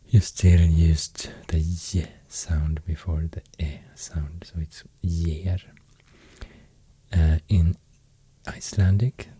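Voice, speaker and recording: A Swedish-accented man talks in a soft ASMR murmur, often dropping into a whisper. His voice is low, flat and husky, and he moves slowly with hesitant pauses. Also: dry recording. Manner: half-whispered, hesitant with many fillers. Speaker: ASMR host explaining runes. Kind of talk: soft-spoken ASMR lecture.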